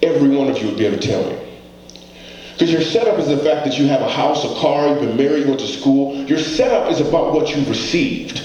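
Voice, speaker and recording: A man's voice: medium pitch, quick pace, darkish tone, highs cut off. Earnest comedian man in an echoey hall. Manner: earnest, conversational, rhetorical questions to the audience. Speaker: comedian giving a talk. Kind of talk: motivational stage talk with storytelling. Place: stage before a live audience. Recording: very echoey hall, faint background noise.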